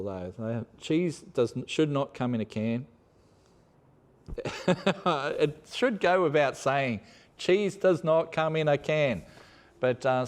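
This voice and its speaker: A man's voice: lowish voice, darkish tone. Chatty Australian man telling travel stories. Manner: rambling, chatty, laughs at his own stories. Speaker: host. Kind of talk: casual chat.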